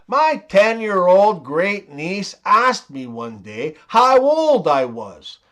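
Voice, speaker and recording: A man in his forties narrating a string of jokes in an unhurried way. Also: high-pitched, big pitch swings, a bit bright, faint music behind. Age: 40s. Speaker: joke teller. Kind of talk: narrated joke compilation.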